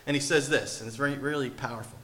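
A man's voice: medium pitch, steady tone, fast talker, fairly bright tone. A man in his thirties preaching a sermon with emphatic rhetorical questions. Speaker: pastor.

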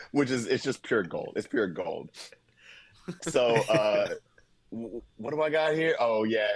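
A man's voice: fairly low pitch, a little slow, no echo. Laughing, profane man recapping a movie. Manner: animated, laughing, profane, mimics movie dialogue. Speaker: podcast co-host. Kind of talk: casual movie-review chat.

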